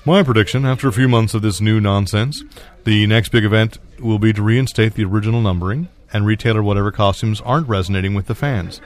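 A man's voice: lowish voice, fast, few pauses, close to an everyday voice. A man reading out a listener comment in an attempted impression of a grumbling male comics fan.

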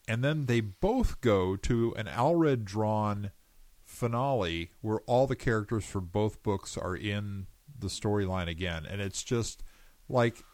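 A man co-hosting a podcast, reviewing comics in a relaxed, halting way. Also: fairly low pitch, dry recording. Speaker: podcast co-host. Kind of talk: casual chat.

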